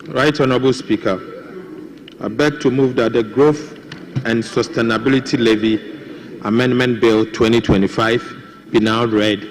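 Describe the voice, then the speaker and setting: A man, a government minister, moving a motion in a formal, measured way. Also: medium pitch, steady tone, slight background noise, poor audio.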